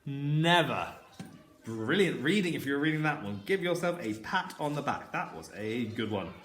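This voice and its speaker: A man teaching a phonics lesson to young children, slowly sounding out words and encouraging them. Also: mid-range voice, big pitch swings, fairly bright tone, reverberant, slight background noise. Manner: slow, sounding out words letter by letter. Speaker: primary school teacher.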